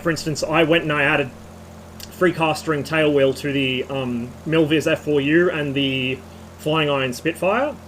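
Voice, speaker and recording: A slightly hoarse man streaming, giving a rambling technical rant with casual swearing. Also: on the high side, fairly bright tone, slight background noise, low-quality recording.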